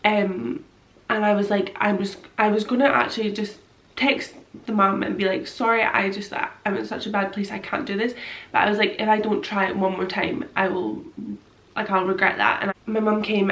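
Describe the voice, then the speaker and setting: A woman's voice: medium pitch, a bit bright, reverberant, poor audio. A young woman, tearfully telling a personal story to camera in a rambling way, full of fillers. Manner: rambling, many fillers, quotes her own thoughts. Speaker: vlogger.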